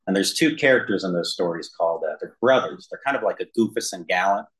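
A man giving a personal testimony to a room and a video call, halting, with many fillers and self-deprecating humor. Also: low voice, expressive, fairly bright tone, low-quality recording. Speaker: speaker sharing his recovery story. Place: room with an audience, also streamed to a video call.

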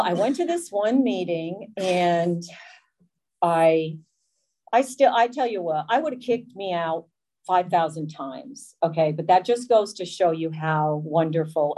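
A woman's voice: lowish voice, a little mellow, poor audio. A woman giving a candid, self-deprecating personal testimony about her recovery. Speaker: speaker sharing a recovery story.

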